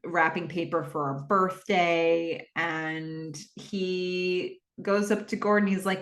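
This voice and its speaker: A woman's voice: fairly low pitch, steady tone, fairly bright tone, roomy sound. A woman hosting a podcast, recapping a TV episode in a chatty, rambling way with lots of fillers. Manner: chatty, rambling, with frequent fillers and quick acted-out quotes. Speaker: podcast host.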